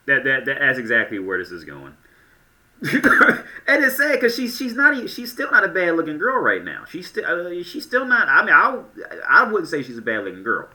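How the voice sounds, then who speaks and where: A man's voice: medium pitch, big pitch swings, a little fast, sharp tone. A man giving casual reaction commentary in a blunt, crude way, often stammering and restarting his sentences.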